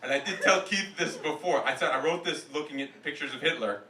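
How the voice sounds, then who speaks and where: A man's voice: fairly high pitch, huge pitch swings, measured pace. A man doing a live comedy roast in a club, with a loose, self-mocking delivery and bursts of laughter at his own jokes. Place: comedy club stage with audience. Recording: echoey club, from far off, noisy.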